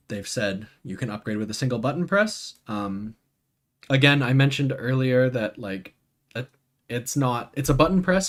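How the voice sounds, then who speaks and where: A man on a live stream talks loosely and thinks out loud, with plenty of fillers and restarts. He keeps breaking off to answer viewers by name, and his voice sits at an ordinary middle pitch. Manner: rambling, full of "like" and restarts. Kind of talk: casual livestream commentary.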